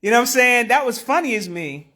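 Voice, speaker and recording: Animated, slangy woman streaming live. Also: on the high side, quick pace. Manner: animated, slangy, laughs often. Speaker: livestream host. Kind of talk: casual live-stream commentary.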